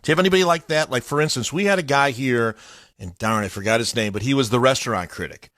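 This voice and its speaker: A man from Chicago hosting a morning radio show, chatting casually in an animated, storytelling way at a studio mic. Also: mid-range voice, fast talker, no echo. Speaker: radio host. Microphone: studio microphone.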